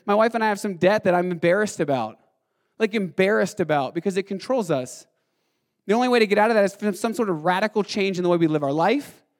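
High-voiced animated male preacher. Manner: animated, swings from fast and loud to quiet and slow. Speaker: pastor. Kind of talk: sermon.

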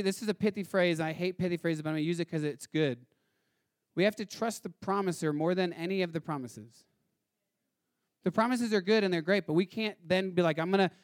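Guy preaching, kinda high voice, super animated, acts out the bible characters, dry close mic. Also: no echo. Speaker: pastor. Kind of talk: sermon.

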